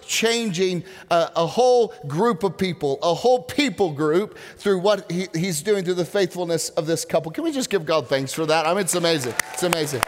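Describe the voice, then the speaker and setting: A man preaching a sermon to a congregation, telling stories with lively acted-out voices. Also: high-pitched, moderate pace, hardly any pauses. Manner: animated storytelling, acts out voices. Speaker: pastor. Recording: long reverb of a large hall.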